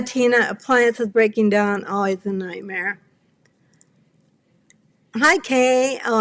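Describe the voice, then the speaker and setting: A woman's voice: medium pitch, creaky, fairly bright tone. A woman in her seventies hosting a cardmaking livestream, chatting with viewers, apologetic and rambling, close to tears. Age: 70s. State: near tears. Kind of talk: casual chat with live viewers.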